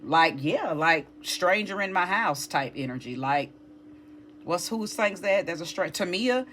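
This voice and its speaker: A woman's voice: on the low side, animated, unhurried, a bit bright, a little hiss or hum. A woman giving a casual tarot reading, talking straight to her viewers in a chatty, familiar way and calling them baby. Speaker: tarot reader.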